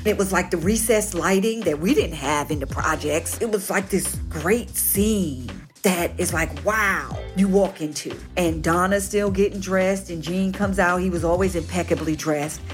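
A woman's voice: on the low side, normal speed, hardly any pauses, soft background music. A woman recalling old times in a chatty, reminiscing way as an interviewee. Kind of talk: casual recollection.

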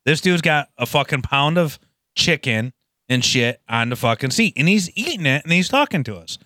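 A man's voice: a little high, very animated, moderate pace, bright, forceful tone, dry recording, studio quality. A man co-hosting a trades podcast, telling profane stories in casual chat. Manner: profane storytelling, quoting others. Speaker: podcast co-host.

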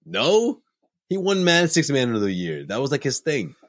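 A man's voice: mid-range voice, sing-song, normal speed, a bit bright, no echo, studio quality. A man co-hosting a casual sports talk show, cracking jokes and laughing often. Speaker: podcast co-host.

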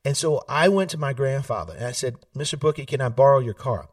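A man, telling stories in an animated way, laughing often and acting out family voices. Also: mid-range voice, quick pace, no room sound, far from the mic. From South Carolina. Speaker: political candidate, guest. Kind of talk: casual storytelling interview. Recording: dry sound, set back from the mic.

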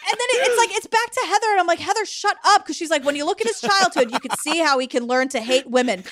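A woman's voice: sits high, fast, slight background noise. A woman co-hosting a podcast, recapping a show in casual chat and acting out what people said with sarcastic asides. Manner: animated, acts out quotes, sarcastic asides. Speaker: podcast co-host.

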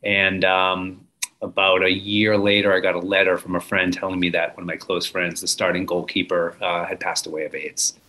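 A man's voice: deep voice, level tone, moderate pace, sharp tone. A man in his forties, a guest telling his story in an earnest, reflective way with some fillers. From United States. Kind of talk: conversational storytelling.

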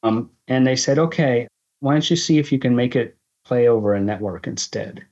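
A man's voice: mid-range voice, steady tone, normal speed, darkish tone, highs cut off. A man in his fifties, a guest in casual conversation, talking thoughtfully with many restarts.

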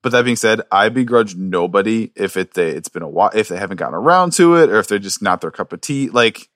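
A man's voice: fairly low pitch, animated, fast talker, fairly bright tone, no echo, clean studio sound. A man co-hosting a podcast, talking casually about his book in rambling speech full of fillers and restarts. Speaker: podcast co-host and author. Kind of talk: casual chat.

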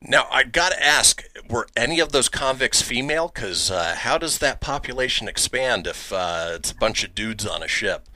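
A man's voice: mid-range voice, normal speed, hardly any pauses, dry recording. A man hosting a radio talk show, joking. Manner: lively, joking, promo-style delivery. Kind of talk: casual radio banter.

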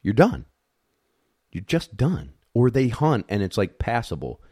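A retriever handler with a fairly low, husky voice tells an unhurried, casual competition story, animatedly acting out the dogs and judges. He is blunt and swears a bit; the recording is studio quality with no echo.

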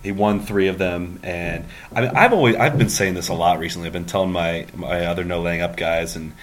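Low-voiced podcast host reeling off stats. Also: male voice, brisk. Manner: eager, reels off stats. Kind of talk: casual chat.

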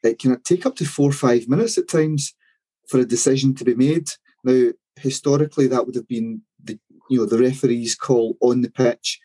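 A man, co-hosting a sports podcast and explaining things in a measured way. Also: mid-range voice, mellow, husky, poor audio. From Scotland. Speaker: podcast co-host. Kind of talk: casual chat.

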